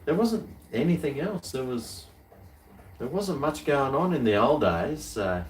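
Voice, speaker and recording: A man's voice: mid-range voice, lively intonation, unhurried, roomy sound, far from the mic, a little hiss or hum. A man with an Australian accent, chatting casually as co-host of a live stream, rambling with many restarts. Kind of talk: casual chat.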